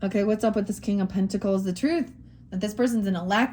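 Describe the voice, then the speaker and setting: A woman's voice: medium pitch, expressive, a little fast, darkish tone, slight background noise. A middle-aged woman giving a casual tarot reading, blunt and frustrated, rambling and swearing freely. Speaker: tarot reader.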